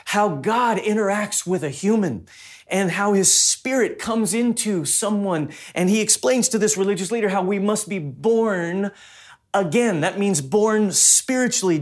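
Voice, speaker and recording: A man preaching a sermon as a pastor, in a conversational way that mixes personal stories with teaching. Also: sits high.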